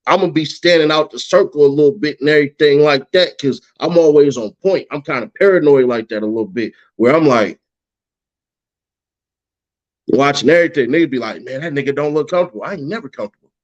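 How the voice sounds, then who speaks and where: A man tells a story in loose, profanity-laden slang, jumping into other people's lines as he quotes them. His voice sits a little high for a man. The recording is dull and lo-fi. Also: fast. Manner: profane, animated, acts out quotes in a higher voice. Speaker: guest, YouTuber. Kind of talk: casual storytelling. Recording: dull lo-fi sound.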